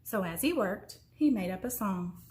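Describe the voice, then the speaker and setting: A woman reading a children's story aloud in an expressive way, slowing down for suspense. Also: medium pitch. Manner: expressive, slows down for suspense, sometimes drops to a whisper.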